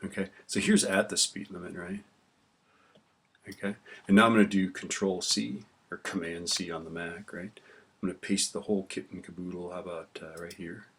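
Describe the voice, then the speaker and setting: This screen-recorded spreadsheet lesson comes from a male teacher with a low, steady, slightly bright voice at normal speed. He types while casually explaining, often adding "right?", and a little hiss or hum sits under the keyboard clicks.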